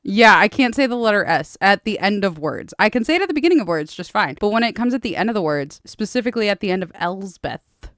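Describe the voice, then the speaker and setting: Young female podcast co-host, chatty and bubbly, smooth but slightly hoarse voice, dry close sound. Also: mid-range voice, big pitch swings, fast talker, hardly any pauses, a bit bright, no echo. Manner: bubbly, swears casually, laughs often. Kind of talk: casual chat.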